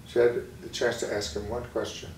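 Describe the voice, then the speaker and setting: A man speaking calmly and in measured phrases as an interview guest. He is recorded at a distance in an echoey room, with faint background noise. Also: mid-range voice, vocal fry. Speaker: psychologist guest. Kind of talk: interview conversation.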